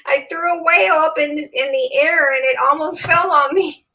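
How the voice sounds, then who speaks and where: A woman's voice: sits high, normal speed, pushed and bright, rough recording. A woman in her fifties hosting a craft livestream, chatting casually, laughing often and greeting viewers by name. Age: 50s.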